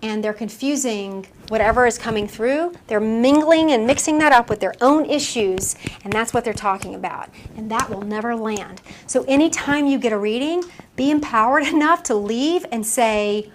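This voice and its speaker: A woman medium gives a casual lecture to a small live audience in a room, chatting freely, acting out the voices of people in her stories, and laughing often. Her voice is fairly high and moderately paced, with a little hiss or hum in the audio.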